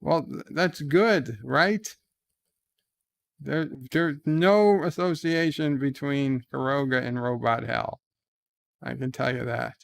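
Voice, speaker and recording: A man hosting a casual live stream at home, reading out viewer letters and answering them in a wry, deadpan way. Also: medium pitch, slow pace, creaky. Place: home, indoors.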